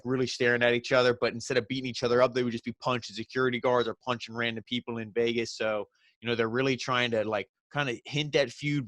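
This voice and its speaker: A man's voice: medium pitch, fairly bright tone, no room sound. A man casually recapping and reviewing a wrestling show, rambling with lots of fillers. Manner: loose, rambling, heavy on "you know" and "like".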